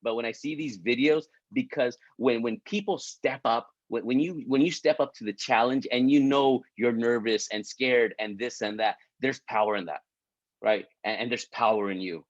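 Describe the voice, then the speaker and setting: Speaking at normal speed in a mid-range voice, a male coach running an online business group gives a casual, encouraging pep talk, pleading with listeners. He stumbles, repeats himself, restarts often, and keeps tossing in "right?", all in close, dry, muffled lo-fi audio.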